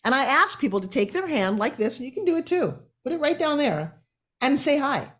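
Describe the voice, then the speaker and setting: Middle-aged woman guest, motivational interview energy, bright-ish higher voice, big pitch swings. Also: fairly quick. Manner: lively, shifting pitch up and down for emphasis. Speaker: guest speaker. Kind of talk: animated motivational interview talk.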